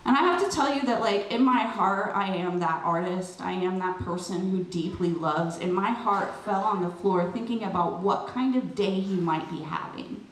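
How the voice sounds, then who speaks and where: A middle-aged woman speaking at an event, telling a personal story in an animated, chatty way with lots of fillers. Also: mid-range voice, normal speed, few pauses. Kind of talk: storytelling speech to a crowd. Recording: roomy, distant PA sound with light noise.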